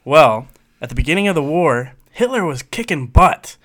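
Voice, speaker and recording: A man's voice: a little high, sing-song, moderate pace, a bit bright. A man from Michigan co-hosting a podcast, telling stories in a jokey, casual way and laughing often. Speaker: podcast co-host. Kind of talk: casual storytelling chat.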